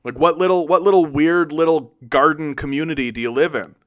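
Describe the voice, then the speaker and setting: A man's voice: on the high side, a little fast, fairly bright tone. A man hosting a solo political commentary show, arguing with chat in a combative, sarcastic and profane way. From Canada.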